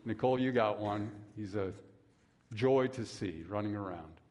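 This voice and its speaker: A man's voice: fairly low pitch, normal speed, darkish tone, dull audio. A middle-aged man preaching a sermon as a pastor, folksy and conversational, with asides to the congregation.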